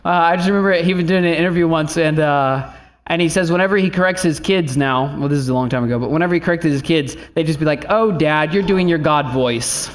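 A man's voice: on the high side, steady tone, fast, slight background noise. A man preaching a sermon as pastor, earnest and building to emphatic declarations, now and then drifting into chatty asides.

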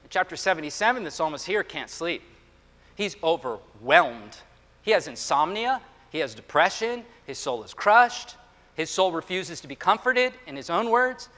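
A man's voice: high voice, pushed and bright. A man preaching a Sunday sermon, emphatic and reading scripture with drama. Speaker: pastor. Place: church sanctuary. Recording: echoey hall.

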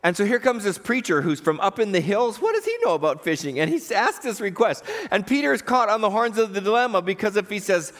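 A man's voice: a little high, expressive, fast. A man pastor preaching a sermon, telling a story with animation and acting out the voices in it.

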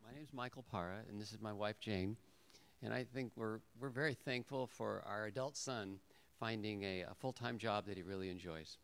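A man's voice: on the low side, moderate pace, vocal fry, a little hiss or hum. A man giving a short, plain, slightly hesitant testimony of thanks in church.

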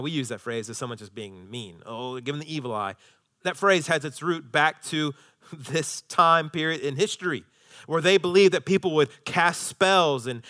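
A male pastor preaching a sermon, moving between hushed, almost whispered lines and loud, impassioned passages. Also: medium pitch.

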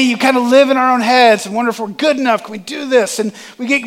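A man's voice: extremely high pitch, steady tone, fast, few pauses, a bit bright. A man preaching a sermon, calling out to his congregation with rising emphasis. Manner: preaching with rising emphasis and audience call-and-response.

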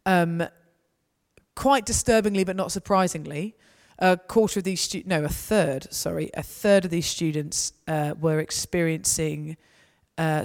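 A woman's voice: fairly low pitch, a little mellow. A woman giving a conversational, anecdotal talk to a gathering. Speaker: speaker. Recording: reverberant hall.

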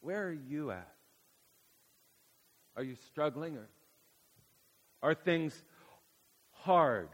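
A man delivers a sermon in a high voice, telling stories dramatically. He drops to a hush, then bursts out loud. The sound carries a long reverb. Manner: dramatic storytelling, swings from hushed to loud. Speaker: preacher.

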